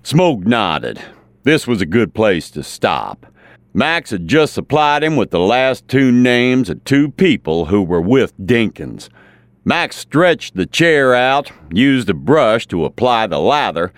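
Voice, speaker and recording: A man narrating a Western story in a measured, dramatic audiobook style. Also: on the low side, dry recording.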